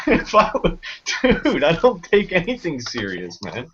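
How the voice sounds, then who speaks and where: A man rambles in loose, casual chat, swearing freely and breaking into laughter often. His voice sits a little high. The recording sounds dull and lo-fi, with a faint hiss underneath. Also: wildly swooping pitch, moderate pace. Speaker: channel host. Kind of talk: casual chat among friends.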